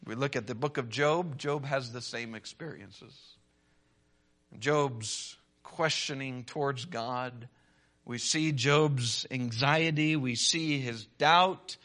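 Man, preacher; slow, bright delivery; dramatic swings in loudness; sermon style. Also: mid-range voice. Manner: preaching with dramatic rises and hushed drops; reads scripture in old-fashioned wording.

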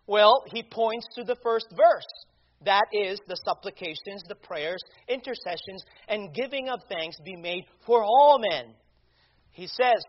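A man preaching a sermon, deliberate and emphatic, asking rhetorical questions. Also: sits high. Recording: dull lo-fi recording.

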